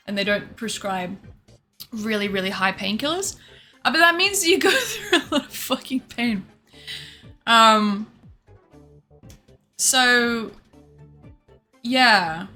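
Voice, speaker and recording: Bright-voiced woman streamer telling a story. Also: mid-range voice. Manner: animated, swears freely, laughs often, acts out quotes. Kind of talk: casual storytelling to chat. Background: faint background music.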